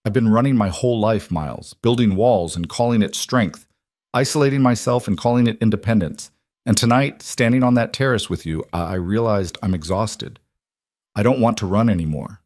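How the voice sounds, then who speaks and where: A guarded, driven woman CEO, read by a man in a fairly low voice, pours out her fears in an earnest, confessional way. The story sounds read aloud, recorded close and dry with no room sound. Her words come anxious and searching. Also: normal speed, a little mellow, dry recording, close to an everyday voice. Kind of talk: audiobook-style story reading.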